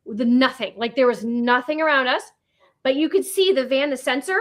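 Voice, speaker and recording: A woman with a high voice and a Nova Scotian Canadian accent, talking casually on a livestream. She rambles with plenty of fillers and restarts. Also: normal speed. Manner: chatty, rambling, lots of fillers. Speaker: paranormal guest.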